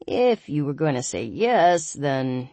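Woman doing teasing young man, audiobook, low voice, dry close recording. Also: sing-song, takes it slowly, creaky, dark tone, no room sound, full character voice. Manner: dry, laid-back teasing, turning low and terse. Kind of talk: audiobook character reading.

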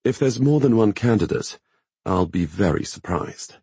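A man reading the part of a calm, measured male revolutionary leader in an audiobook, with a wry edge. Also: fairly low pitch, slightly rough, no room sound, voice pushed up.

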